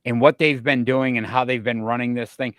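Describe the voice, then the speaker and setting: A man's voice: mid-range voice, fairly even intonation, a little fast, fairly bright tone, dry recording. A man hosting a sports talk show, asking long winding questions full of statistics. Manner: asks long, winding questions packed with stats.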